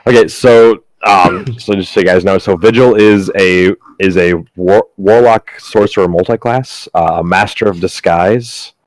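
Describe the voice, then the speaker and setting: A man's voice: sits low, a little slow, hardly any pauses, no echo, low-quality recording. A man playing in a tabletop game, explaining his character in a hesitant, apologetic way. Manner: hesitant, apologetic, many restarts. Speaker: player. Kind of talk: casual chat at a tabletop game.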